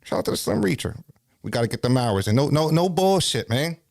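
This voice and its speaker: A man's voice: mid-range voice, expressive, brisk, gravelly, no room sound, clean studio sound. Breathless, rambling man hosting a livestream. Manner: loose, profane, rambling with frequent restarts. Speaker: livestream host. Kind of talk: casual livestream chat.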